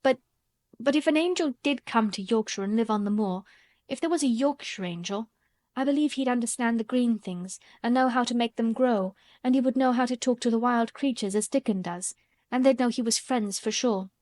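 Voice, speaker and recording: A woman's voice: a little high, normal speed, a little mellow, no echo, natural voice. A woman voicing a stubborn little girl who speaks frankly and plainly.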